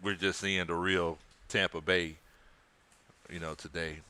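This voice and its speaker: A man's voice: low voice, flat delivery, a little slow, bright, forceful tone, clear, resonant tone. A man hosting a casual sports watch-party stream, reading viewer comments aloud in a laid-back way. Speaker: livestream host.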